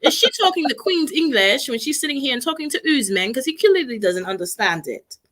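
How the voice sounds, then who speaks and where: A woman's voice: sits high, expressive, a little fast, a bit bright. A woman co-hosting a reality show review, gossiping casually with teasing, mocking humor and frequent laughter.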